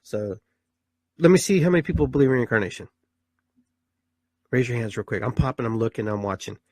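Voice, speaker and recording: Middle-aged male host, husky voice, dry close sound; rambling, animated live talk to viewers. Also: mid-range voice, a little fast, no room sound. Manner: rambling, animated, acts out a newborn's voice.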